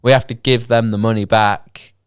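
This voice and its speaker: A man's voice: lowish voice, flat delivery, normal speed, smooth, dry recording, studio quality. A young man with a cold and a stuffy nose, chatting casually as a podcast co-host, rambling with many ums and frequent laughs. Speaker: podcast co-host and gigging musician. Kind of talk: casual chat.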